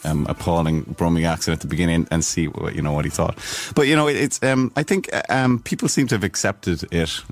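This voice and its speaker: A man, a guest actor, chatting casually in a radio interview, soft-spoken and hesitant, often restarting his sentences. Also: sits low, brisk, few pauses.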